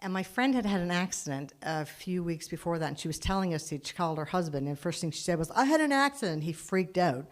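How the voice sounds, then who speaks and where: A woman telling a personal story at a live storytelling event, animated, with dramatic swings in loudness. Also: lowish voice, fairly quick, few pauses.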